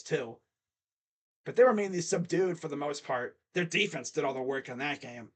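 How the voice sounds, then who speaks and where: Young man, high-pitched, casual chatty football recap host. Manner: chatty, mocking asides in put-on voices. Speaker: sports picks host.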